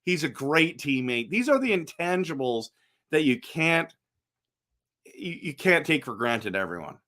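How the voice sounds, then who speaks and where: A man's voice: fairly high pitch, big pitch swings, measured pace, bright, forceful tone. A middle-aged man hosting a casual hockey fan vlog, chatting animatedly and talking straight to his viewers, with frequent repeats and restarts. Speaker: hockey fan channel host.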